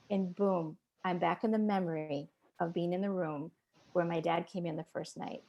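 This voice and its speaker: A woman's voice: lowish voice, normal speed, warm tone. Earnest woman telling her story. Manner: earnest, emotional storytelling, acts out quoted voices. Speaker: interview guest. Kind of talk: personal testimony in conversation.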